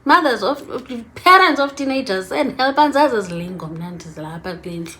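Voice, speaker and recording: Woman, mother, dry teasing, high voice. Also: animated, brisk, fairly bright tone, a little hiss or hum. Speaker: mother co-host. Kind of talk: casual chat.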